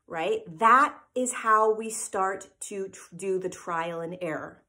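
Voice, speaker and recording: A woman gives an informal spiritual teaching talk, heard in a live event replay, speaking earnestly and emphatically. She keeps checking in with listeners by asking "right?" after her points, in an unhurried, sharp-toned, medium-pitched voice.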